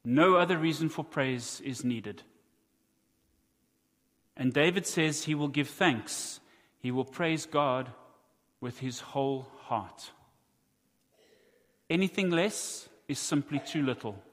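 A man with a South African accent preaching a sermon, earnest and deliberate, with wry asides to his congregation. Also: fairly high pitch, a bit bright, big-room sound. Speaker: pastor.

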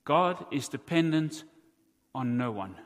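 South African man, pastor's sermon, unhurried earnest delivery, wry asides, long hall reverb. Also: a little high, lively intonation.

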